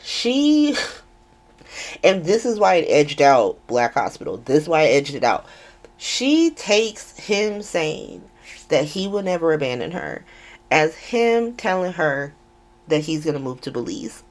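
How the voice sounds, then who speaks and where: A woman hosting a podcast who recaps a soap opera in a casual, animated and sarcastic way, laughing often. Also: sits low, unhurried. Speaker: podcast host.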